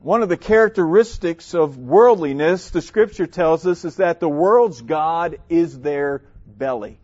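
Preacher, male, slow emphatic delivery with long pauses, dull lo-fi sound. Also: fairly high pitch, animated, a little mellow. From South Louisiana. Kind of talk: sermon.

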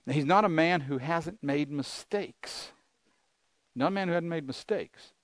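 A man's voice: a little high, measured pace, no room sound. Earnest older man preaching a sermon. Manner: earnest, conversational preaching with rhetorical questions. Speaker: pastor.

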